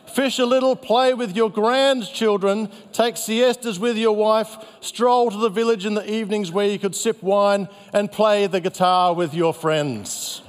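A man voicing a brash, pushy male investment banker, pitched up above his own voice. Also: fairly even intonation, a little slow, few pauses. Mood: gleeful. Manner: pushy, upbeat salesman pitch. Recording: long hall reverb.

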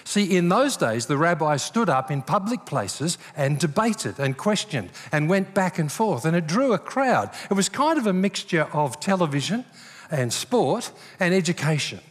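A man's voice: on the high side, normal speed. An older man preaching a sermon, telling stories and acting out the voices he quotes. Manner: animated storyteller, acts out quoted voices. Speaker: pastor. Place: church hall. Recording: long reverb of a large hall.

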